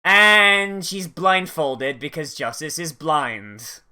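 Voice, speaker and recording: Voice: mid-range voice, expressive, slow, pushed and bright, clear, resonant tone. A YouTuber giving casual, sarcastic commentary while watching an anime, swearing often and trailing off mid-sentence.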